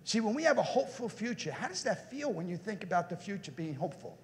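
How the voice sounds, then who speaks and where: Male keynote speaker, high and very lively pitch, questions the audience, long hall reverb. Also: fast talker, hardly any pauses, slight background noise. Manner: animated, questions the audience directly. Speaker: motivational speaker. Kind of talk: conference keynote talk. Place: conference room with audience.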